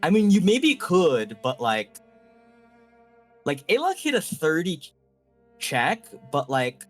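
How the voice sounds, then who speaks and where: A man leads a tabletop session, musing aloud and padding his thoughts with fillers. His pitch rises and falls a lot. Faint music runs under his voice. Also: wildly swooping pitch, slow. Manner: rambling, full of "like" fillers. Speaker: game master. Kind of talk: improvised tabletop narration and rulings.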